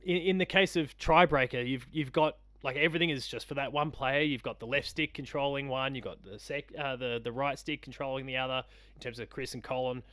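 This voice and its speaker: A man co-hosts a podcast about games, chatty and quick to joke. His voice is recorded close and dry, with no room sound. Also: medium pitch, fairly even intonation, a bit bright, no room sound. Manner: chatty, joking. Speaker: podcast co-host. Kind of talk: casual review chat.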